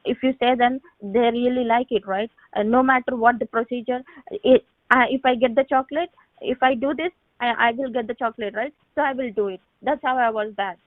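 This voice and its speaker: A woman around thirty giving a halting personal faith testimony on a phone call, with many restarts and repeated words. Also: a little high, fairly even intonation, dry recording. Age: late 20s to 30. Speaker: testimony speaker on a prayer line. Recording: tinny phone line, dry.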